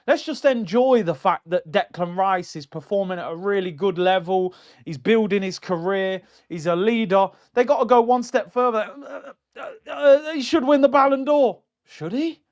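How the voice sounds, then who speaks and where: Middle-aged guy hosting a fan stream; high-pitched, mocking, slightly dull lo-fi audio. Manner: animated, mocking, jumps into high exclaims. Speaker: football fan channel host reading viewer comments. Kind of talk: casual live-stream rant.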